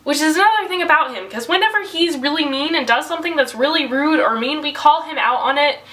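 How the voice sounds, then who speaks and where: A teenage girl with a high, expressive, sharp-toned voice talks fast over poor audio. In a casual video diary, she rambles through an exasperated vent, saying "like" a lot.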